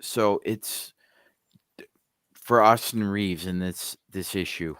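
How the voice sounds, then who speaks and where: A man's voice: low-pitched, slow pace, a bit bright, smooth, dry recording, clean studio sound. A man co-hosting a casual sports podcast who talks in a polite, rambling way and apologizes for interrupting. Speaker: podcast co-host.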